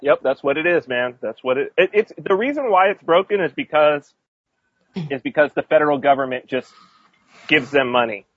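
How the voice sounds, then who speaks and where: Husky, rambling man on a dull line. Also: on the high side, normal speed, dry recording. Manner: rambling, many restarts and fillers, laughs while telling stories. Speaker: expat guest telling stories. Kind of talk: casual podcast chat.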